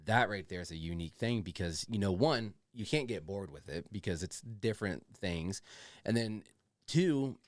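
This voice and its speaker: A man's voice: fairly low pitch, expressive, moderate pace, no echo, clean studio sound. A man co-hosting a podcast in loose, enthusiastic casual chat, swearing and saying "dude" often. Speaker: podcast co-host.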